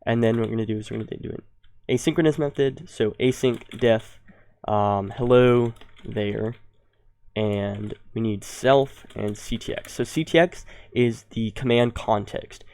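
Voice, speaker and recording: A young man hosting a coding tutorial, explaining step by step and thinking aloud, with ums and quick self-corrections. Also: mid-range voice, creaky, darkish tone. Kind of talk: screen-recorded coding tutorial.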